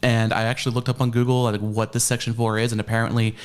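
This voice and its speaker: A man's voice: medium pitch, level tone, quick pace, smooth. A man appearing as a guest, explaining his spending in a hesitant, rambling way. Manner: rambling, hesitant, many fillers and restarts. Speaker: guest with debts.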